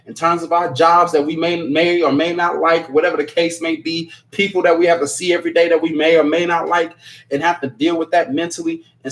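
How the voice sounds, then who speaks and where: Man, livestream host, casual chat, blunt, emphatic, repeats himself, swears, slightly high voice. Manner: apologetic after ranting. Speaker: livestream host reading viewer comments.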